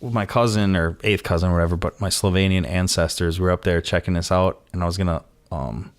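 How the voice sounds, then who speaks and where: An American man on a podcast telling rambling, swear-filled stories with lively emphasis. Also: sits low, a little fast. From United States. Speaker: podcast host. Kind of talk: casual podcast chat.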